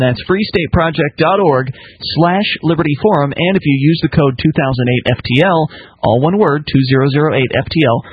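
A man's voice: fairly high pitch, slightly rough, dry recording. A man hosting a call-in talk radio show, chatting casually and reading out web addresses and phone numbers. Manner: relaxed, conversational, reads plugs and phone numbers. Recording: muffled radio broadcast audio.

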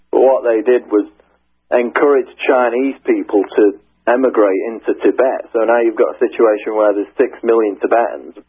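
A man with a low, husky voice speaks as a guest on a radio talk show. He explains earnestly and often restarts his sentences. He is heard over a tinny phone line. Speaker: guest writer. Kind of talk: radio interview.

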